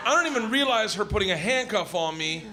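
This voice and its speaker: High-pitched laughing stand-up comedian. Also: male voice, expressive, fast talker, a crowd in the background. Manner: laughs at his own story, voice cracking high. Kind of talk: stand-up storytelling. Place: comedy stage.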